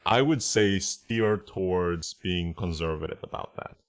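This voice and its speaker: Teaching a casual online translation lesson, a deep-voiced man moves through the material at an unhurried pace. He voices Japanese phrases aloud and repeatedly tags on "right?" and "okay?" to confirm understanding.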